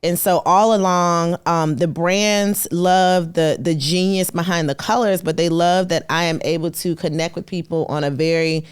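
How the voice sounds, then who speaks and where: A woman's voice: moderate pace, hardly any pauses, clean tone. A woman in her thirties, a podcast guest, telling her story in casual, colloquial talk and acting out the people she quotes. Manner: animated, acts out quoted people with sudden high pitch jumps; colloquial, slangy, emphatic. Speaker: podcast guest, artist and entrepreneur.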